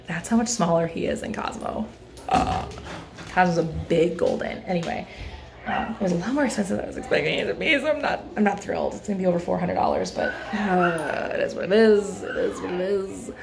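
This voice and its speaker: A woman talking casually in a home vlog, chatty and offhand, now and then coaxing her dogs in a high voice. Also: brisk, gravelly, background noise. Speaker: vlogger and pet owner. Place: home, then car and vet office.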